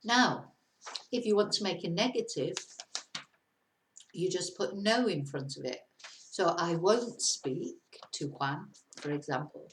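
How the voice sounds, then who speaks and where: A woman's voice: on the low side, expressive, slow pace, a little hiss or hum. A woman teaching a casual video lesson, chatty and encouraging, now and then laughing at herself. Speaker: Spanish teacher. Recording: roomy echo.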